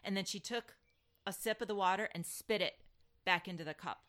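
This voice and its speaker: A woman's voice: medium pitch, fairly quick. A woman co-hosting a podcast, telling a family story in casual chat with lots of restarts. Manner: animated storyteller, many restarts and fillers. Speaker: podcast co-host.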